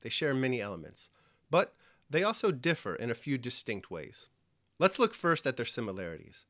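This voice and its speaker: A man narrating a scripted lesson clearly, explaining step by step with dry little asides. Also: medium pitch, sing-song, normal speed, fairly bright tone, no echo. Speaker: teacher.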